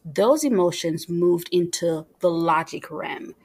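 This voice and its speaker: A middle-aged woman from Jamaica with a Jamaican accent, telling her story as an interview guest in an animated, storytelling way. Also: on the low side, slow, slightly rough. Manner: animated storyteller, acts out quoted dialogue. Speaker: guest entrepreneur.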